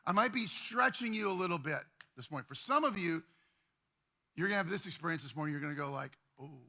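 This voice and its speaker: A man preaching a sermon as pastor, talking in a conversational, animated way with repeated words. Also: a little high, fast talker.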